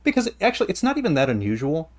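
A man's voice: fairly high pitch, wildly swooping pitch, rapid-fire. A man hosting a casual podcast chat, explaining things at length in an eager, rambling way. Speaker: podcast host.

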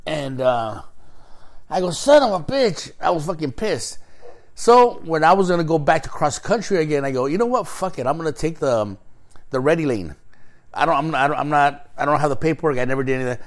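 A man's voice: fairly high pitch, fairly quick. A man casually telling a long story in a chat, swearing freely and acting out both sides of quoted exchanges. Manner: profane, animated, acts out quoted exchanges.

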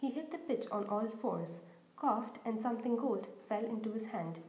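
Woman narrator for a reading podcast, fairly high, dark mellow tone, echoey room. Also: normal speed. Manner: steady storytelling reading. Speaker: audiobook podcast host. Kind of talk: audiobook narration.

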